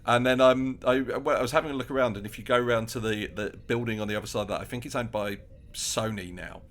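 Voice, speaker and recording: A man's voice: mid-range voice, fairly even intonation, quick pace, fairly bright tone, slight background noise. A man co-hosting a podcast, chatting casually and animatedly, with many restarts, acting out little quotes. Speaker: podcast co-host. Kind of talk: casual chat.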